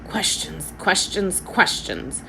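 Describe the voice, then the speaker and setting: A woman reading a storybook aloud, voicing a gruff, grumpy old male seaman who grumbles in rough dialect. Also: mid-range voice, expressive, normal speed, a little hiss or hum, natural voice, poor audio. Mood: gruff grumbling.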